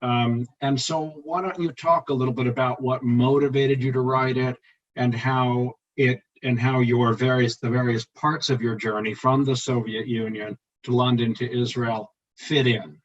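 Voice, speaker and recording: Measured male interviewer on a dull call. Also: mid-range voice, flat delivery, far from the mic. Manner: measured, long framing questions. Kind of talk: moderated conversation.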